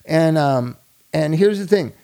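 Gravelly man telling a lively story. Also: a little high, a little slow. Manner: animated storyteller, acts out quoted people. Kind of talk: casual chat.

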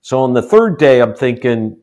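A man in his sixties from the United States, a guest telling personal stories in a relaxed interview and acting out the quotes. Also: normal speed. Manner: animated storyteller, acts out quotes with rising pitch. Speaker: guest, author. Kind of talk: storytelling in a casual interview.

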